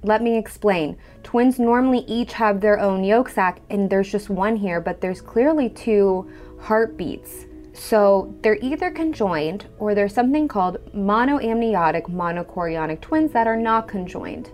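A woman's voice: medium pitch, a little slow, darkish tone, faint music behind. A woman telling her own story in a conversational way, acting out the dialogue she quotes. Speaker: storyteller guest. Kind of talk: personal storytelling.

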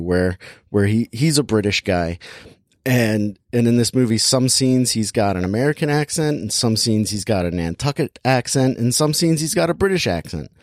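A man's voice: mid-range voice, a little mellow, no echo, studio quality. A man casually reviewing a film in a chat, rambling and filling his talk with "like" as he restarts his sentences. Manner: rambling, heavy use of "like", self-interrupting. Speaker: podcast movie reviewer.

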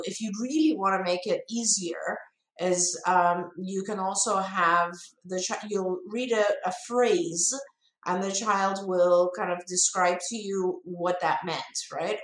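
Woman co-host, relaxed conversational advice with fillers, roomy echo. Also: fairly low pitch. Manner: conversational, many fillers and restarts. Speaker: co-host answering parent questions. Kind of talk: live Q&A advice talk.

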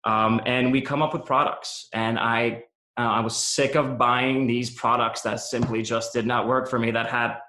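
Gravelly man telling his story. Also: medium pitch, little pitch movement, moderate pace, bright, forceful tone. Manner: candid and reflective, many "um" and "you know". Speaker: interview guest, business founder. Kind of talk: personal storytelling in an interview. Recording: roomy echo.

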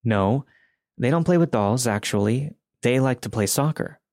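A man's voice: medium pitch, expressive, moderate pace, a little mellow, dry recording, studio quality, lightly acted. A man voicing a young mother, polite and protective of her sleeping kids, in a raised voice.

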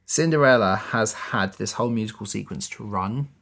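A man's voice: lowish voice, moderate pace, vocal fry, fairly bright tone. A man co-hosting a podcast, chatting casually as he recaps a musical, with lots of "you know" and "like". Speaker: podcast co-host.

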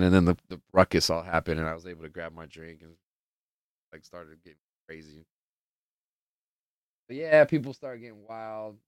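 Young male podcast host, very low and smooth voice, loose and profane, rambling storyteller. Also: a bit bright, no echo, studio quality. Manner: rambling and profane, heavy on filler words; loose storyteller who plays out the people in his stories. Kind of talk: casual chat.

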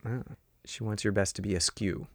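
A podcast co-host chats casually with a wry, playful humor. His fairly low voice keeps a fairly even intonation at normal speed, recorded clean in a studio with no echo.

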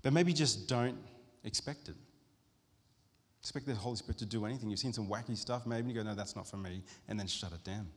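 A man's voice: medium pitch, a little fast. Man preaching in a reverberant hall. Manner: conversational preaching with frequent restarts and asides. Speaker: pastor. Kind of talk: sermon.

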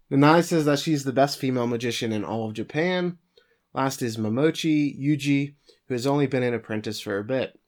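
Man casually recapping an anime episode. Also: mid-range voice. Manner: steady plot summary with occasional fillers. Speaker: podcast co-host recapping an anime.

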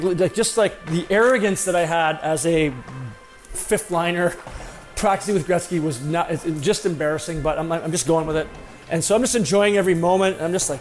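A man with a slightly high voice tells a story in a loose, rambling way. He pokes fun at himself, circles back, and fills gaps with "uh" and "you know." Soft music plays faintly behind him. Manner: rambling, self-deprecating, frequent fillers and restarts. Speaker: former pro hockey player telling a story. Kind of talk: casual anecdotal storytelling.

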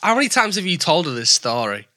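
Dry, teasing woman, bright and lively. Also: fairly low pitch, fast. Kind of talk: casual chat.

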